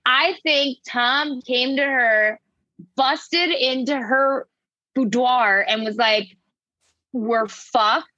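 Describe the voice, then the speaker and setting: A woman's voice: sits high, slow, dry recording, lo-fi sound. A young woman co-hosting a casual chat, telling stories and acting out quotes. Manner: animated storytelling, acting out quotes. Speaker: podcast co-host.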